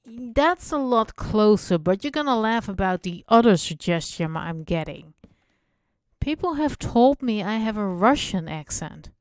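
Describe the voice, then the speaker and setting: Non-native woman streamer, chatty and rambling as she builds, smooth clear voice, unhurried delivery. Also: mid-range voice, animated, dry recording, studio quality. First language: not English. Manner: rambling and chatty, muttering to herself while playing. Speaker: Minecraft streamer. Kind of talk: casual live-stream chat while building.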